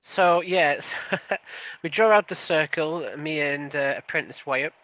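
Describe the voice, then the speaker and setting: A man's voice: a little high, slow pace, sharp tone, muffled recording. A man playing in a tabletop game, describing his character's ritual theatrically with stumbling restarts. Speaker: player.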